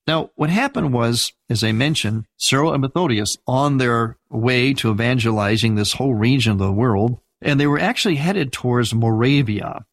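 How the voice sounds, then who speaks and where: An older man, a priest, giving an informal church history lecture with a husky voice and a conversational, explanatory manner, turning now and then to speak to his listeners. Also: mid-range voice, moderate pace, few pauses, no echo. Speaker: Byzantine Catholic priest teaching church history.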